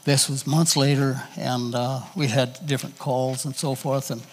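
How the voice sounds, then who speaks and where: A man preaching a sermon in a folksy, halting, conversational way, telling personal stories to his congregation. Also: mid-range voice, flat delivery, darkish tone, long reverb tail, a little hiss or hum.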